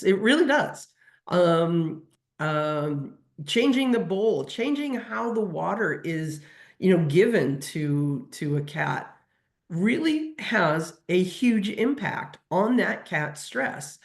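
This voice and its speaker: A veterinary nutrition technician with a lowish voice answers audience questions in a webinar. She sounds hesitant, using many fillers and restarting often.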